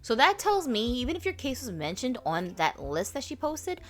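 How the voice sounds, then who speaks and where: A woman's voice: a little high, big pitch swings, moderate pace, fairly bright tone. A woman hosting a casual commentary vlog, sassy and opinionated, talking straight to her viewers. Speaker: vlogger host.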